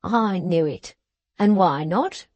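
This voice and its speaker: Lady doing a pompous old schemer, all flowery and slow, mellow dry voice. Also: fairly high pitch, lively intonation, no echo, lo-fi sound. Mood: florid, wheedling. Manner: florid, wheedling, theatrical, drawn-out. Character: pompous scheming older man with wooden leg.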